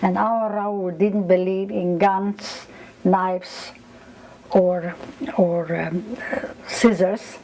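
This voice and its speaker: A woman's voice: medium pitch, extremely slow, low-quality recording. An older woman, recounting memories in an oral history interview and acting out the people she quotes. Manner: animated storytelling, acts out quoted voices.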